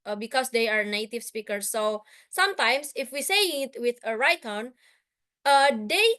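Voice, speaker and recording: Young indonesian-accented woman presenting slides on a video call, kinda high, smooth clear voice, lots of uh and restarts. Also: lively intonation, moderate pace, bright, forceful tone. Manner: hesitant, many fillers and restarts. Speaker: guest speaker.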